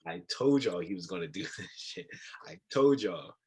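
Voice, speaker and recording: A young man co-hosting a podcast, telling stories in a low-key casual chat with a quiet voice. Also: expressive, moderate pace. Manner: low-key, storytelling with laughs. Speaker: podcast co-host.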